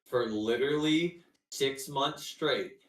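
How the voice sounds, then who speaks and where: A man in casual podcast chat, spinning animated, profane stories stuffed with "like". He sits back from the mic, so his voice carries a roomy echo. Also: medium pitch, slow. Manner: animated, profane storyteller full of "like" fillers. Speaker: podcast co-host. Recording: echoey room, far from the mic.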